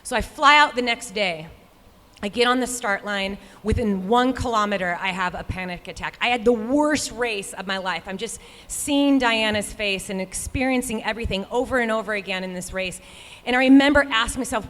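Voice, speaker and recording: A woman's voice: medium pitch, normal speed, fairly bright tone. A woman, a professional runner, telling a heartfelt personal story to a live audience with earnest quoted inner thoughts. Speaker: professional runner and guest speaker. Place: live stage event in a large hall. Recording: long reverb of a live venue.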